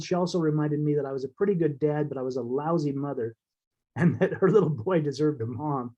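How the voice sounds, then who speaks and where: Man telling an emotional story, kinda high voice, warm, halting with lots of restarts. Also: dull audio. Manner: halting and heartfelt, with fillers and restarts. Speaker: interview guest.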